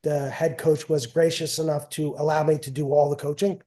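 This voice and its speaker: A middle-aged wrestling coach tells stories in a casual interview, rambling and repeating phrases with self-mocking humor. His male voice sits on the high side, level and warm, at a normal speed.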